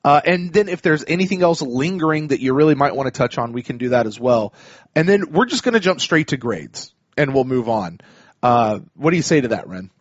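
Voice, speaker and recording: A man's voice: medium pitch, lively intonation, a little fast, dry recording, dull audio. A man hosting a casual sports podcast, chatty and full of restarts. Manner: chatty, many restarts and fillers. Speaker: podcast host.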